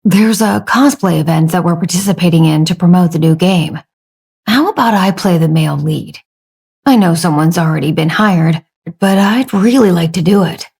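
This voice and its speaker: A woman voicing a cheerful, vain young man who teases and boasts, with mellow, breathy tones. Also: lowish voice, moderate pace. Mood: playful. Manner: teasing, boastful.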